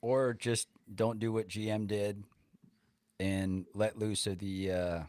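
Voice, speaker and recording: A man's voice: lowish voice, level tone, slow, a little mellow, clear, resonant tone, no room sound. A man co-hosting a podcast in loose, conversational chat full of "you know" and "kinda". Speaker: podcast co-host. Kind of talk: casual chat.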